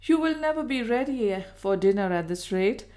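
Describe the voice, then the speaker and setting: A woman reading the lines of a kind, coaxing colonel who gently fusses over his tired wife. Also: a little high, expressive, normal speed, natural voice. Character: kind coaxing middle-aged husband, a colonel.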